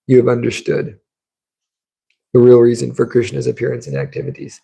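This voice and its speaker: A man's voice: medium pitch, level tone, brisk, creaky, warm tone, husky, poor audio. A man giving a scripture class in a temple, telling stories in a casual conversational way. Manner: conversational storytelling, acts out quotes. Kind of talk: sermon. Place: temple room.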